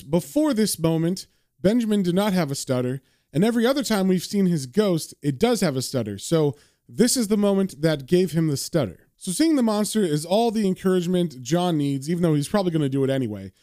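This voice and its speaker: Brief: casual male comic narrator, chatty, fairly high voice, dry sound. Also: expressive, fairly quick, warm tone, no echo. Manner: chatty, with fillers. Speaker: comic book reader.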